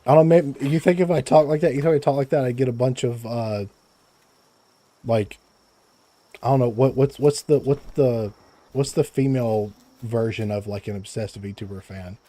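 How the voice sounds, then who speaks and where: A young man with a dark-toned, medium-pitched voice talks at normal speed during casual live-stream chat as he games. He sits close to his desk microphone, frequently stammering, repeating words and breaking into laughter.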